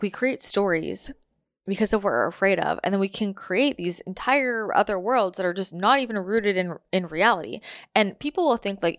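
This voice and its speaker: A woman's voice: mid-range voice, no room sound, clean studio sound. A woman giving a casual, reflective motivational monologue, full of fillers like "like" and repeated phrases.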